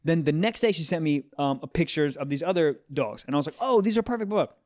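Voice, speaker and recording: A young man in casual chat, telling a profane, animated story. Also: on the high side, fast.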